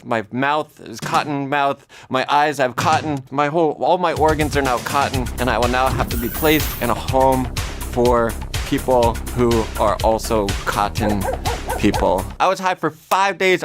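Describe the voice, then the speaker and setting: A man telling a comic personal story in an animated way, his voice climbing high when he panics.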